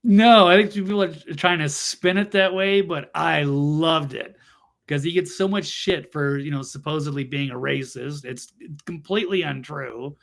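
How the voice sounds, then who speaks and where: Gravelly man hosting blunt political chat. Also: fairly high pitch, moderate pace, fairly bright tone. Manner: blunt, mocking, with frequent restarts and fillers. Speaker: show host.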